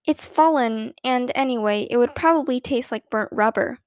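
A woman voicing a patient but weary mother who speaks calmly to her daughters. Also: a little high, moderate pace, no echo, studio quality, lightly acted. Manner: calm, patient.

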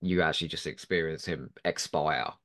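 A man co-hosting a casual panel podcast, playful and quick to laugh. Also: a bass voice, a bit bright. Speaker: podcast co-host.

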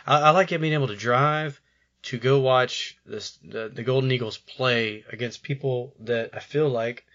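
A man's voice: mid-range voice, a little slow, a bit bright, dull audio. A man co-hosting a podcast, talking casually about college sports in rambling sentences with frequent stammered restarts. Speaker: podcast co-host.

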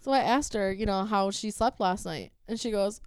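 A woman's voice: medium pitch, normal speed, darkish tone, clear, resonant tone, no room sound. A woman telling a long, profanity-laced story in casual chat, laughing often as she recounts a text exchange.

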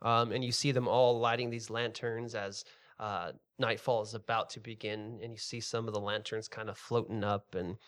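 A man narrating a tabletop game as game master, describing scenes in a relaxed second-person way. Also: lowish voice, moderate pace.

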